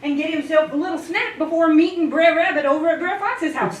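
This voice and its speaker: A woman at a speaking club telling a folk tale in a dramatic, playful way, swooping in pitch and volume. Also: fairly quick. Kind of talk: animated folk-tale storytelling. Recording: echoey room, distant mic, faint hiss.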